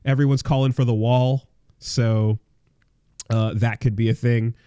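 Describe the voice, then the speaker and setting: A man's voice: mid-range voice, steady tone, unhurried, dark tone, clear, resonant tone, dry recording, clean studio sound. A man co-hosting a casual podcast, rambling and swearing, with lots of fillers and restarts. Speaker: podcast co-host.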